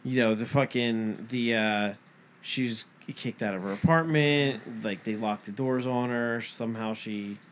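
A man's voice: mid-range voice, a little slow, slight background noise. A man in his thirties, a podcast co-host, telling a story in casual chat, swearing often and acting out both sides of the dialogue. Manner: profane, animated retelling with quoted dialogue.

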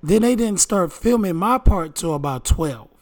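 Higher-voiced joking man podcast co-host. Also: animated, normal speed, darkish tone. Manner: loose, joking storyteller. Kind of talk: casual podcast banter.

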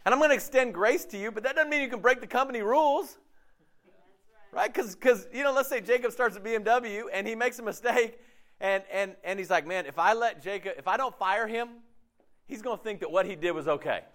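A man, a pastor, giving a conversational sermon, casual and animated, often acting out quotes in his talk. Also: high-pitched, a little fast.

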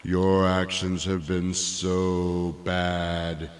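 A man voicing a mournful male ghost in a comedy sketch, with a high, drawn-out wail. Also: completely flat delivery, clear, resonant tone. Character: moaning male ghost dragging chains, mournful.

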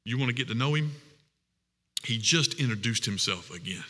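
Earnest preacher with a bright, ringing voice. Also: male voice, mid-range voice, animated, big-room sound. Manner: earnest preaching with emphatic, drawn-out phrases. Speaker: pastor. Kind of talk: sermon.

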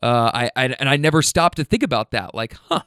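A man's voice: medium pitch, sing-song, fairly quick, fairly bright tone, dry recording, clean studio sound. A man hosting his own podcast, introducing the episode in a casual, enthusiastic and slangy way, rambling with restarts. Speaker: podcast host.

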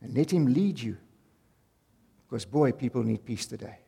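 Emphatic preacher, husky voice. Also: male voice, medium pitch, animated, moderate pace. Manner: emphatic, repeats key phrases, swings from loud to soft. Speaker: pastor. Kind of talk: sermon. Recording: long hall reverb.

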